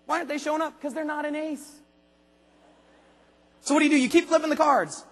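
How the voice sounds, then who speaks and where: A man giving an energetic convention speech, firing punchy questions at the audience and sometimes bursting into shouts. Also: extremely high pitch. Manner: rapid-fire questions to the audience, punchy and emphatic. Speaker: motivational speaker at a sales convention. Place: large convention hall. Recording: long hall reverb.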